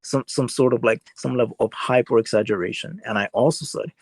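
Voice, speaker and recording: A man's voice: mid-range voice, brisk, a little mellow, husky, no echo. A man debating casually, rambling with lots of filler words as he lays out his point. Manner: rambling, heavy use of "like" fillers.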